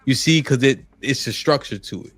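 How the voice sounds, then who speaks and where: A man with hosts a casual podcast chat. He explains at an easy, mid-pitched pace and keeps checking in with the listener. His voice is close and dry on the mic, with faint music under it. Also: expressive, brisk, no echo. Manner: laid-back, explanatory, says "right?" often. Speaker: podcast host. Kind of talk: casual conversation.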